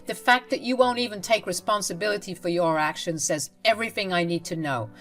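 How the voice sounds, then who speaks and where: A woman voicing an angry adult man, a husband and father, who speaks in a stern, forceful way. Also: on the low side, fairly quick, soft background music. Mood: furious.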